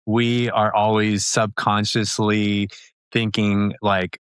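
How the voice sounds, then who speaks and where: A man in his thirties, an upbeat and chatty interview guest who talks quickly with many fillers and laughs. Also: lowish voice, level tone, clean tone, dry recording. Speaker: podcast guest. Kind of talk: casual interview talk.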